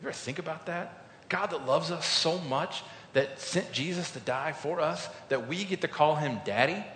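A man's voice: a little high, normal speed. Man preaching in an echoey hall. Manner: informal, storytelling, builds to loud emphatic peaks. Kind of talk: conversational sermon.

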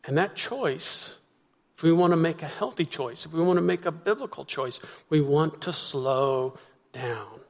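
Higher-voiced pastor preaching in a reverberant hall. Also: male voice, unhurried, vocal fry. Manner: conversational preaching with rhetorical questions. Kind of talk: sermon.

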